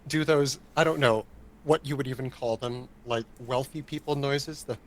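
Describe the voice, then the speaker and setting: A man's voice: mid-range voice, steady tone, moderate pace, rough recording. A man playing a tabletop game, casually describing what his character does. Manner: casual, describing actions with fillers. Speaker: player.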